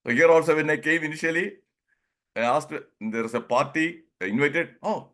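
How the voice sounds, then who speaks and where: Here a man from India, speaking Indian English in a high-leaning, sharp-toned voice, leads an online group session on pronunciation. The talk is informal; he keeps chuckling, slowly drawls his words and plays out little exchanges.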